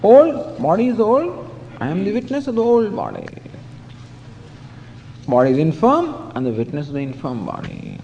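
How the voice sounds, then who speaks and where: A man's voice: high voice, huge pitch swings, moderate pace, long pauses, a little mellow, a little hiss or hum. A man giving a scriptural discourse as a spiritual teacher, telling stories with chuckles and saying "you know" often. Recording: dull lo-fi recording in a hall.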